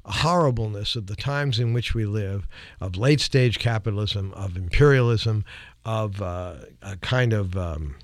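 A man's voice: lowish voice, a little slow, dry recording. A man hosting a call-in radio show who laughs easily and talks with many hesitant fillers. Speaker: radio talk show host.

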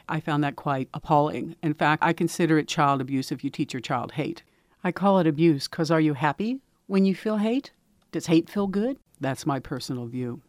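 A woman's voice: low-pitched, smooth, dry recording, clean studio sound. An older woman from Indiana, telling personal stories in an earnest, reflective way. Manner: earnest storytelling with quoted voices. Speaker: speaker sharing personal views.

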